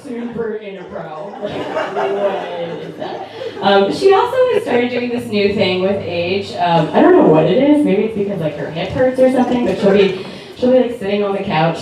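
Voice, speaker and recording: A woman's voice: medium pitch, animated, moderate pace. A woman in her twenties doing a stand-up comedy set, chatty and rambling, with lots of fillers and giggles. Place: comedy club stage. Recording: echoey club, distant mic, loud noise.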